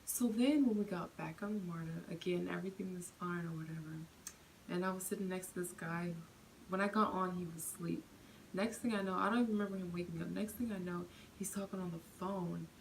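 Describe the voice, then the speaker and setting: A young woman vlogger chatting through a storytime, full of fillers and animated retelling. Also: fairly low pitch, brisk, slight background noise, rough recording. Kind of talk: storytime vlog.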